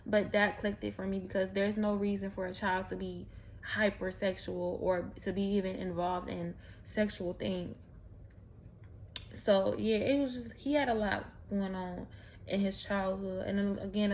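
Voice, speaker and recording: Candid, rambling woman with a gravelly edge. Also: medium pitch, level tone, moderate pace, a little hiss or hum. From Mexican heritage. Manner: candid, profane, rambling with many restarts. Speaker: vlogger. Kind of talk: casual storytelling monologue.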